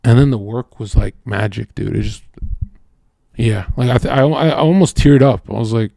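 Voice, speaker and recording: Mellow-voiced man ranting casually on stream. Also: medium pitch, moderate pace, gravelly, no echo, clean studio sound. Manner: profane, rambling, says "bro" and "like" a lot. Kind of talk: casual live-stream monologue. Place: home streaming setup.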